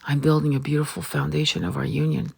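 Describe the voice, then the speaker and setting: A woman's voice: deep voice, fairly even intonation, quick pace, creaky, slightly rough. A woman tarot reader giving a blunt, emphatic spiritual vlog monologue and swearing freely.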